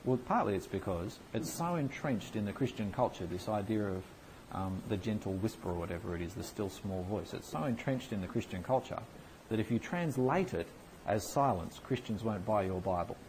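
Male preacher, low voice, conversational and animated, faint background noise. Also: moderate pace, poor audio. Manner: lively, conversational, animated emphasis. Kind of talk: sermon with question answers.

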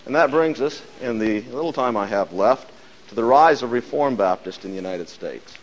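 A man giving a measured, emphatic lecture on church history, dropping his voice at the ends of phrases. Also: mid-range voice, expressive, big-room sound, a little hiss or hum, rough recording.

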